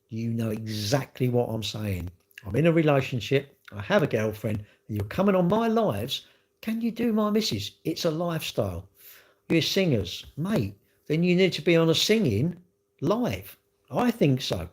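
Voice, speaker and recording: A man's voice: a little high, big pitch swings, measured pace, darkish tone. A man talking casually to viewers on a livestream, rambling and repeating himself in a defensive way. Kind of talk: casual live chat to viewers.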